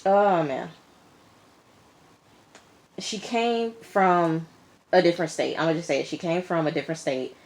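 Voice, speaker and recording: Woman, lowish voice, chatty episode recapper, talks straight to viewers, acts out lines. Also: measured pace, pauses often. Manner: chatty, addresses listeners as y'all and girl; animated, acts out characters' lines. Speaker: TV episode reviewer.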